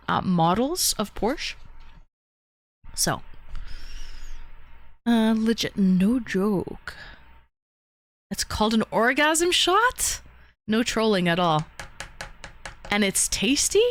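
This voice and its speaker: A woman's voice: medium pitch, a bit bright. A woman hosting a casual livestream, chatting with viewers, laughing often and swearing casually. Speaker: livestream host reading chat.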